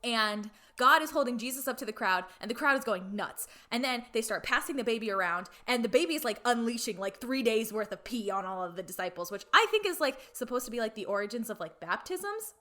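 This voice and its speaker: Recapping a movie on her podcast, a young female co-host talks briskly with hardly any pauses. Her fairly high voice is expressive, bright, and forceful, and her chatty retelling is packed with fillers and performed character lines.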